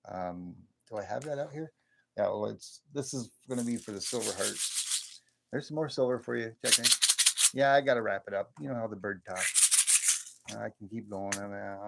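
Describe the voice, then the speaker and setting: A man's voice: on the low side, normal speed, vocal fry, heavy background noise. A man hosting a live stream, chatting in a rambling, folksy way and thanking viewers by name. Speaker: livestream host. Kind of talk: casual live-stream chat.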